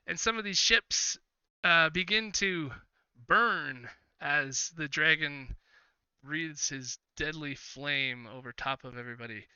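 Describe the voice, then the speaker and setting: A man's voice: fairly high pitch, takes it slowly, pushed and bright, clear, resonant tone, dry recording, muffled recording. A man narrating a tabletop game as game master, chatty with lots of fillers. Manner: chatty, laughs often, many fillers.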